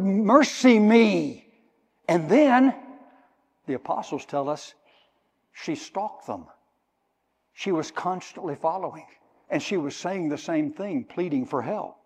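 A man's voice: a little high, a little mellow, breathy edge. An older man preaching a sermon in a church, emphatically explaining Greek words. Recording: long reverb of a hall.

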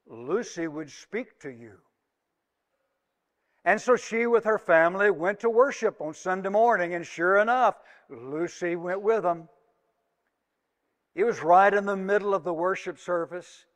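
A man preaching a sermon in a church, speaking slowly and emphatically and drawing out key words. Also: high-pitched, fairly bright tone. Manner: slow, emphatic delivery with drawn-out words. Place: church sanctuary. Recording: long hall reverb.

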